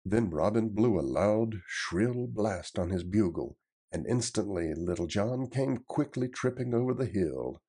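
A man narrating a storybook tale in a measured, expressive reading. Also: lowish voice, slightly rough.

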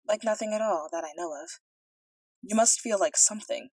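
A woman's voice: medium pitch, moderate pace, darkish tone, slightly rough, dry recording, natural voice, low-quality recording. Woman doing a giddy, silly young princess. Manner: bubbly and teasing.

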